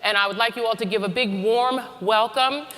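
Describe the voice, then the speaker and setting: A woman's voice: on the high side, fairly quick, fairly bright tone. A woman moderating a large event, upbeat and playful with the crowd in a conference hall. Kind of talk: event hosting.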